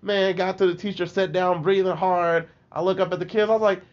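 A man with a notably high speaking voice tells his stories in a loose, animated and profane way. He talks as a podcast guest and jumps into other people's voices as he goes. The sound is a little dull and lo-fi. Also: a little fast. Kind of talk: casual storytelling. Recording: lo-fi podcast audio.

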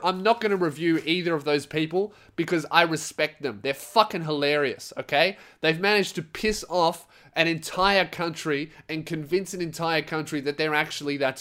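Sweary young man, slightly high. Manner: swearing, rambling, animated storytelling. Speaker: podcast host, comedian. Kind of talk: casual solo podcast monologue.

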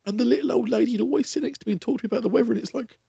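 A man, co-hosting a podcast in casual chat, animated and laughing, swearing freely. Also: extremely high pitch, racing, vocal fry, husky, no echo. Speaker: podcast co-host. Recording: dull lo-fi sound.

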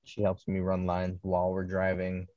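A man's voice: deep voice, completely flat delivery, normal speed, a little mellow, lo-fi sound. A man hosting a podcast, chatting casually in a laid-back, encouraging way. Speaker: podcast host. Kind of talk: casual chat.

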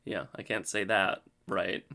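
A laid-back man co-hosting a chatty podcast, who laughs easily and has a playful, theatrical streak. He talks at an unhurried, drawn-out pace. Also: low voice, flat delivery, gravelly, pushed and bright. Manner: theatrical, from acting work. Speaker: podcast co-host. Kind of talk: casual chat.

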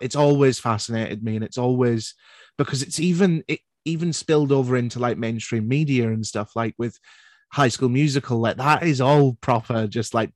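Chatty young host, dry sound. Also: male voice, medium pitch, dry recording. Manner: chatty, loose, full of fillers. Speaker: podcast host. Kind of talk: casual interview chat.

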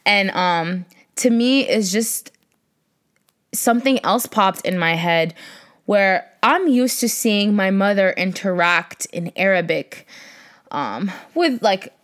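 A woman's voice: mid-range voice, slow pace. Chatty, foul-mouthed young woman. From Iraq. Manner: profane, animated and chatty. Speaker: vlogger. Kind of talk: casual storytelling.

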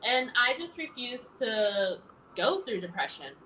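A woman's voice: fairly high pitch, sing-song, a little slow, pushed and bright, a little hiss or hum, low-quality recording. A woman talking animatedly as an interview guest, laughing often as she tells her story. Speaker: interview guest, former pageant titleholder. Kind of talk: casual interview chat.

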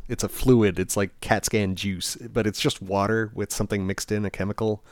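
A man with a fairly low voice tells a long personal story in a relaxed podcast chat. He gets animated and laughs, acting out the people he quotes. The sound is dry and close. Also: brisk, no room sound. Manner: animated, laughing, acts out other people's lines. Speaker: podcast co-host.

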